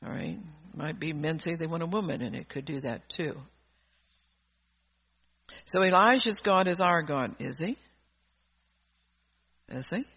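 Fervent high-voiced male preacher. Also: normal speed, gravelly, pauses often, slightly rough. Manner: fervent, swings from soft asides to loud exhortation; rambling, with restarts and laughter. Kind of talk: sermon. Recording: dull lo-fi recording.

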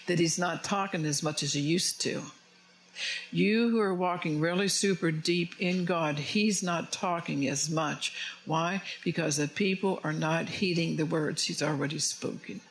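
A man's voice: on the high side, unhurried, a bit bright, rough recording. A man preaching a conversational sermon as pastor, joking and asking his congregation questions. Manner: chatty, jokes and asks the congregation questions. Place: church before a congregation.

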